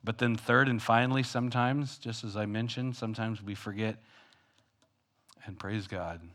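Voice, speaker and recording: A male pastor delivering a conversational, self-deprecating sermon, swinging between loud and hushed. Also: lowish voice, steady tone, normal speed.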